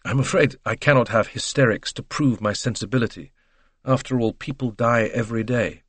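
A man's voice: mid-range voice, fairly quick, a bit bright, breathy edge, no echo. A man voicing a cool, composed young Englishwoman. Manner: cool, brief, composed replies. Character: calm, reserved young Englishwoman.

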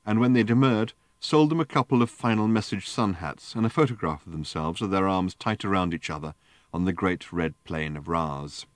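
A man narrating an audiobook in a measured, dry storytelling manner. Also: low voice, dry recording. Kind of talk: scripted narration.

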